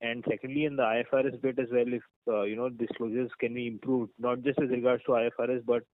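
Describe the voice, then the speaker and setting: Male caller, measured questions, monotone, phone-line sound. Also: medium pitch, no room sound. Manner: polite, measured, many fillers. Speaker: investor caller. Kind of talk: analyst question on call. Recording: dry phone line audio.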